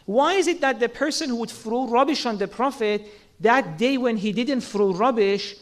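A preacher with a very high voice speaks at a moderate pace. He delivers his sermon earnestly, using rhetorical questions and acted-out quotes to make his points.

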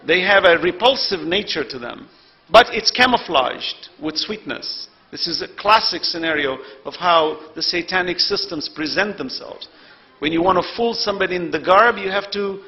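A man preaching a sermon to a congregation in an earnest, rhetorical way, building to loud emphasis. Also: sits high, lo-fi sound.

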